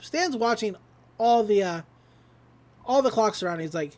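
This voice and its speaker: Animated woman recapping an episode. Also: medium pitch, measured pace, pauses often. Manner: animated retelling, acts out quotes, laughs often. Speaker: podcast host recapping a cartoon episode. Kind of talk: casual recap.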